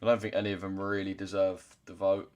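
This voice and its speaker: A man's voice: low-pitched, monotone, fast, a little mellow, lo-fi sound, soft background music. A young man chatting casually on a trading livestream, loose and chatty, swearing now and then as he reads out chat.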